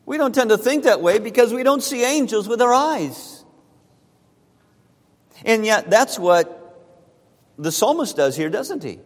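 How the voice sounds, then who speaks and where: A high-voiced man preaches at a slow, deliberate pace, stretching words for emphasis. He repeats key phrases to drive them home to his congregation. His voice carries the long echo of a church sanctuary. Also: expressive. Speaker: pastor. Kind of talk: sermon. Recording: church hall reverb.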